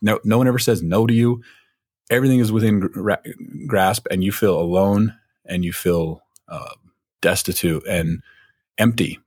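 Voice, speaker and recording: A man's voice: on the low side, moderate pace, darkish tone, breathy edge, no room sound, clean studio sound. A man spinning a long rambling story in casual chat, full of fillers.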